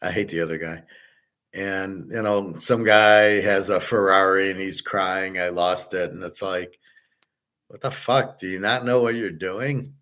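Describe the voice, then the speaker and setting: A man's voice: sits low, fairly even intonation, a little slow, pushed and bright. A man hosting a casual stream, talking bluntly and in a rambling way, swearing and answering chat comments. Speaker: host. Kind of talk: casual livestream talk on betting and gold.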